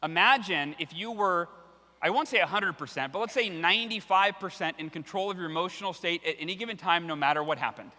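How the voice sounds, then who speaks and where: Guy telling stories on stage at a keynote, high bright voice, big echoey hall. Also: a little fast. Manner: animated, acts out voices in his anecdotes. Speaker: keynote speaker. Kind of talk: storytelling keynote speech. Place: large hall with a live audience. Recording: long hall reverb from the stage.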